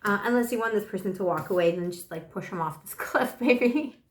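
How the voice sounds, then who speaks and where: Hoarse, chatty woman reading tarot. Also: fairly low pitch, fast talker, echoey room. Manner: affectionate, chatty, full of pet names. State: hoarse with a dry cough after flu. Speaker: tarot reader. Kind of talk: casual tarot reading monologue.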